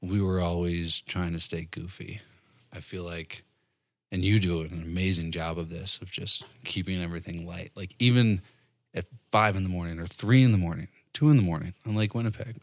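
A man's voice: deep voice, fairly even intonation, normal speed, no room sound. A young man chatting casually about a long paddling trip, laid-back and laughing often, swearing now and then. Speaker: expedition member. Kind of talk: casual podcast chat.

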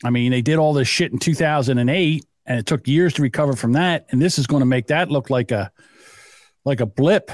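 A man's voice: medium pitch, brisk, a little mellow, dry recording. A man co-hosting a podcast in casual, teasing banter, rambling and laughing at his own jokes. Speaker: podcast co-host.

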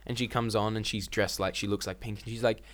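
A man's voice: fairly low pitch, fairly even intonation, fast talker, a bit bright. A young man co-hosting a casual podcast chat, a rambling, jokey storyteller who swears freely, recorded on a phone. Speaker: podcast co-host.

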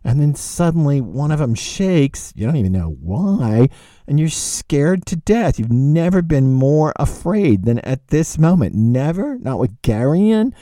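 A man lecturing on literature, animated, asking rhetorical questions and repeating phrases for emphasis. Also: on the high side, unhurried, no echo, clean studio sound.

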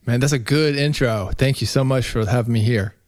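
A man from Nashville talks as a podcast guest, easygoing and chatty. He tells stories from his own life in an unhurried, friendly manner. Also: medium pitch, a little mellow, dry recording, clean studio sound. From Nashville, Tennessee. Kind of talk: casual interview.

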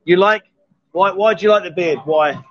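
A man's voice: high voice, moderate pace, a bit bright, no room sound, muffled recording. Cheeky man hosting a bar live stream. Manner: cheeky, teasing banter. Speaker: host.

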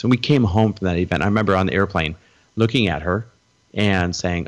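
Man, middle-aged, interview guest, animated storyteller, low voice. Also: brisk.

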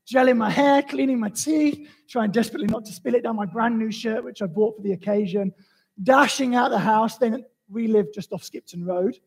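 Husky high-voiced preacher. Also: male voice, rough recording. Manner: animated storytelling, conversational. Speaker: pastor. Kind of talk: sermon.

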